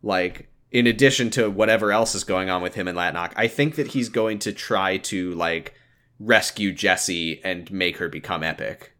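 A man's voice: low-pitched, normal speed, bright, forceful tone. A man co-hosting a casual recap podcast, hesitant with repeated words, swearing now and then. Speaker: podcast co-host.

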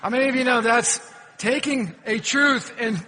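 A man's voice: extremely high pitch, moderate pace, bright, forceful tone, in a large hall. A pastor preaching a sermon, questioning his congregation and telling folksy jokes. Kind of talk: sermon with humorous stories. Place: church sanctuary.

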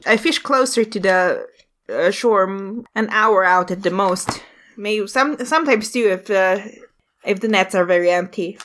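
A woman voicing a cautious middle-aged fisherman father steering a boat, speaking hesitantly with many pauses. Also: sits high, a bit bright. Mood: cautionary. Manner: hesitant, full of pauses, warning tone.

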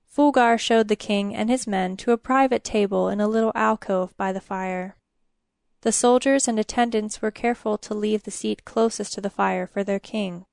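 A woman narrating a fairy tale from a storybook in a steady, measured reading. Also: mid-range voice, gravelly, dry recording, clean studio sound.

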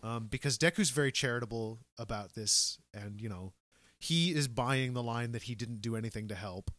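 A man's voice: medium pitch, normal speed, a bit bright, no room sound. A man co-hosting a podcast, recapping episodes in an enthusiastic, chatty way with frequent fillers. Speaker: podcast co-host. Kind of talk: casual recap chat.

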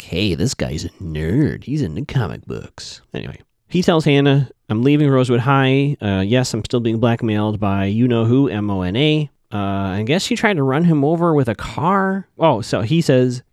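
A man's voice: medium pitch, a little mellow, no room sound, clean studio sound. A man casually recapping a TV episode, rambling and often asking whether characters can be trusted. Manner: chatty, rambling, questioning. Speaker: show recap host.

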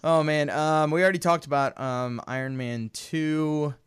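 A man with a fairly high voice co-hosts a casual movie podcast. He talks with lots of energy, laughs often and acts out scenes from films as he goes. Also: fairly even intonation, moderate pace, clean tone. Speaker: podcast co-host. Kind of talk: casual chat.

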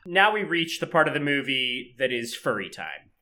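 A woman's voice: rumbling low, very animated, moderate pace, bright, forceful tone. A woman co-hosting a podcast, chatting casually in a teasing, wry way. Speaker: podcast co-host. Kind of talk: casual chat.

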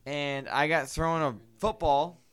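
A man's voice: fairly high pitch, steady tone, slow pace, fairly bright tone, smooth. A man chatting on a podcast and telling a story in a rowdy, profane way. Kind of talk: casual chat.

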